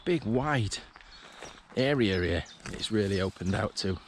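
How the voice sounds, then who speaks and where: A man with a fairly low, expressive voice takes his time as he films himself walking a disused railway line. His commentary is relaxed and thought-aloud, with restarts, over faint outdoor background noise.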